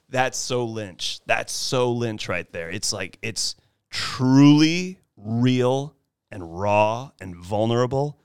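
A man in casual podcast talk about a film, animated and acting out lines from scenes. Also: slow, clean tone, dry recording, clean studio sound. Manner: animated, acts out film lines in high voices. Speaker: podcast host.

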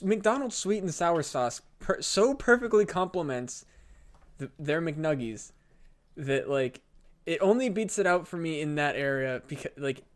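A man co-hosting a comedy podcast in casual chat, hedging his claims, cursing and poking fun at himself. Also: fairly high pitch. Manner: hedging, profane, self-deprecating. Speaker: podcast co-host.

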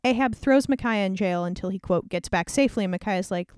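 A woman's voice: medium pitch, brisk, darkish tone, clean tone, no echo, studio quality. A woman casually retelling an old scripture story in a slangy, irreverent way, peppered with "like". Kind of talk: casual comedic Bible retelling.

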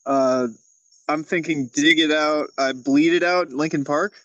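A man's voice: a little high, slow, a bit bright, dry recording, lo-fi sound. A man co-hosting a casual chat over a video call, laughing often and swearing as he tells stories. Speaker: podcast co-host.

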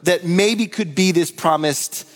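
In a slow, high-sitting voice, a thirties-aged pastor tells stories through a lively, conversational sermon to his congregation. His words ring out with the long reverb of a church hall.

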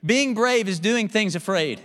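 A young adult male pastor preaching a candid, animated sermon with personal stories and laughter. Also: sits high, measured pace, in a large hall.

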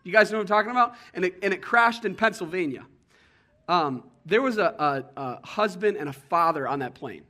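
A young adult man preaching a sermon in an earnest, conversational way, sometimes halting over his words. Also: high voice, lively intonation, sharp tone. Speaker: pastor.

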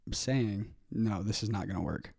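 A man's voice: lowish voice, moderate pace, creaky, dark tone, slightly rough. A man in a casual Bible discussion who thinks aloud and searches for his words. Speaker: discussion participant. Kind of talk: casual chat.

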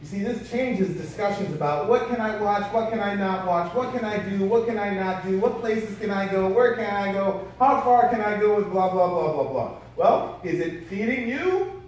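A man's voice: high voice, animated, moderate pace, darkish tone, slight background noise. A man preaching a sermon in a conversational storytelling way, firing rhetorical questions at his listeners. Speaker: pastor. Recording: very echoey hall from far off.

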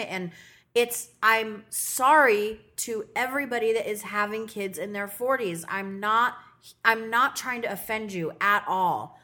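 A young woman co-hosting a casual podcast, candid and quick to swear and laugh. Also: mid-range voice, sharp tone. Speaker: podcast co-host. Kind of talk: casual chat.

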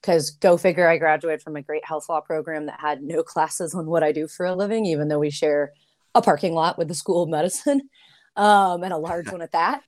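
A middle-aged woman chatting casually on a podcast, voice sitting a little low. She tells her stories with animated, acted-out dialogue. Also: brisk. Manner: animated storyteller, acts out quoted dialogue. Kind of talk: casual conversation.

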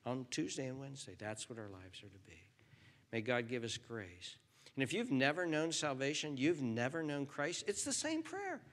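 A man preaching a sermon as pastor, earnest and pleading, swinging from loud, high pleas to a hushed near-whisper. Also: very animated, moderate pace.

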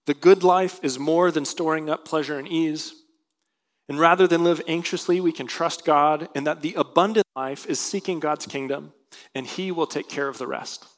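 A man's voice: a little high, moderate pace. A male pastor preaching a sermon, reading scripture aloud and explaining it earnestly. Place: church sanctuary.

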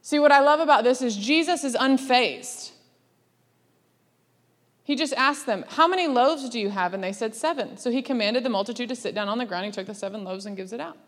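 A woman preaching a sermon in a lively, laughing way, acting out the voices she quotes. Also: fairly high pitch, brisk. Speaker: speaker. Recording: long hall reverb.

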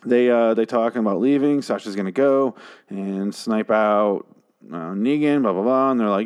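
A man's voice: fairly low pitch, normal speed, a little mellow, smooth. A man giving a casual, sarcastic and profane recap of a TV episode, rambling with frequent restarts. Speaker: show host recapping a TV episode.

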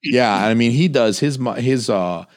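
A man's voice: medium pitch, a little slow. A young man in casual film chat, swearing freely and slipping into mocking voices. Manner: animated, profane, does mocking voices.

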